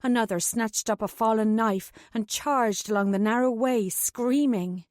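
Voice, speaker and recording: A woman's voice: a little high, unhurried, darkish tone, no echo. A woman narrating a first-person fantasy audiobook in a tense, urgent way, close to a studio mic.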